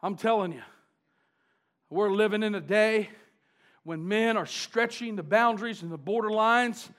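A man preaching a sermon, swinging from fervent, shouted declarations to quiet asides. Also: high voice, measured pace.

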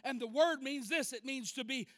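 Preacher, very high bright voice, call-and-response sermon in church. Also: male voice, moderate pace. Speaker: pastor.

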